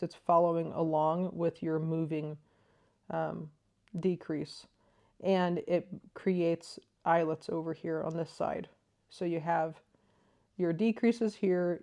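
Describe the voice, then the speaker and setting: A woman hosting a crochet vlog, explaining things in a thoughtful, enthusiastic way, with frequent ums. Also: lowish voice. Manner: thoughtful, enthusiastic, soft-spoken with frequent fillers. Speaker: crochet vlogger. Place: living room.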